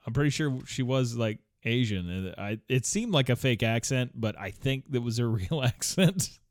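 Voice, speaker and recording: A man's voice: medium pitch, lively intonation, normal speed, dry recording, clean studio sound. A man in his forties chatting casually at home, meandering with many fillers, restarts, swearing and small chuckles. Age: 40s. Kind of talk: casual rambling vlog chat.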